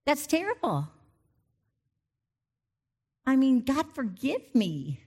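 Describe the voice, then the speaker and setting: A middle-aged woman giving a conversational sermon, breaking off into animated asides and personal stories before returning to the text. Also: high-pitched, slow pace. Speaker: preacher.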